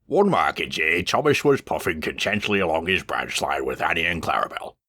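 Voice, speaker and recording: A man reading a storybook aloud with lively, expressive narration. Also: deep voice, fairly quick.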